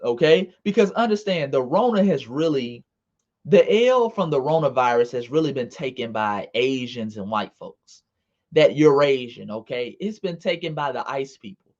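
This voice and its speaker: A man's voice: medium pitch, expressive, moderate pace. A man giving casual livestream commentary in an emphatic, repetitive and profane manner, addressing his viewers directly. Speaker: online commentator. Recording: dull lo-fi sound.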